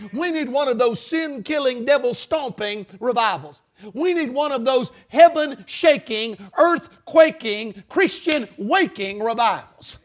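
A man's voice: very high voice, a bit bright. A male preacher giving a revival sermon, with rhythmic, emphatic phrasing and call-and-response lines to the congregation.

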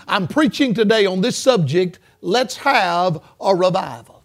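A man's voice: sits high, lively intonation, measured pace. A male preacher giving a revival sermon, with rhythmic, emphatic phrasing and call-and-response lines to the congregation.

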